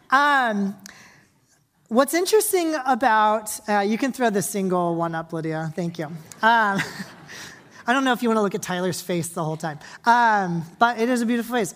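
A young adult woman pastor giving a sermon in a church hall, reading scripture softly and praying, then talking casually with the congregation with many fillers and asides. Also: mid-range voice. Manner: soft, quiet reading and prayer.

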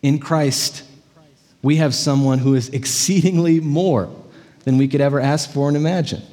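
A man preaching a sermon as pastor, telling stories in an animated way and checking in with the congregation. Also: a little high, moderate pace, big-room sound. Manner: animated storytelling, frequent "right?" check-ins.

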